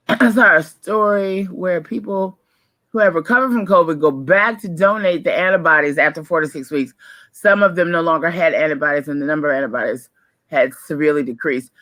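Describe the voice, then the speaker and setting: Brief: woman morning-show co-host, crisp bright voice, outspoken and quick to laugh, dry close sound. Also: low-pitched, dry recording. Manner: lively, opinionated, laughs often. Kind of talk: casual radio chat.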